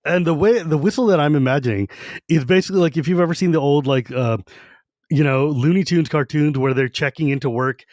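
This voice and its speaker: Animated man with a dry sound. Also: fairly high pitch, fairly quick, no echo. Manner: animated, acts out quotes. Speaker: podcast co-host. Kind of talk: casual book discussion.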